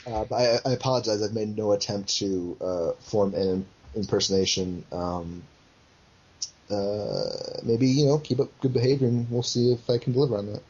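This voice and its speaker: A man co-hosting a casual podcast chat, deep and smooth, halting with many fillers. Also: a little mellow, lo-fi sound. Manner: halting, lots of fillers and restarts. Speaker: podcast co-host.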